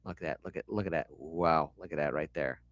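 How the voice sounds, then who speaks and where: A man hosting reaction commentary, animated and sarcastic, swearing often and talking with lots of fillers. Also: a bass voice, brisk, dry recording, studio quality. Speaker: commentary host.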